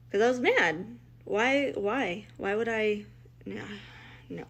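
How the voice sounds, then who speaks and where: A woman's voice: medium pitch, slow. A middle-aged woman, a mother, telling her family's story in a blunt, emotional way, acting out the dialogue as she goes. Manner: emotional, blunt, quotes others in dialogue, many restarts. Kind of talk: personal storytelling.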